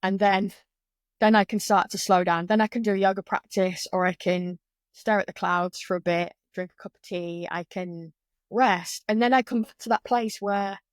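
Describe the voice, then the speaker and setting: A woman of middle pitch, speaking as a yoga teacher who is a guest on a conversational podcast. She talks in a candid, animated way and swears now and then. The sound is dry and close, with almost no room echo. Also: normal speed.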